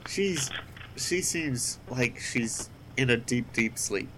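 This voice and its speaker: A man running a tabletop role-playing game as game master. He talks slowly and with a very lively, rising and falling pitch, pausing often with fillers. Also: noisy background. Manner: slow, halting, many fillers.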